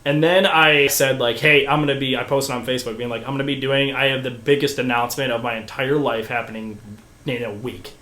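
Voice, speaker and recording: A young man casually telling a story as a podcast guest, excitable and full of restarts, swearing freely. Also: medium pitch, a little fast, reverberant.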